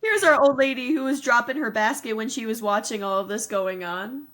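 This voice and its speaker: Woman co-host, a touch high-pitched, eager and reactive, casual podcast chat. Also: a bit bright. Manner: enthusiastic, reacts with quick asides and laughs. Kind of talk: casual movie recap chat.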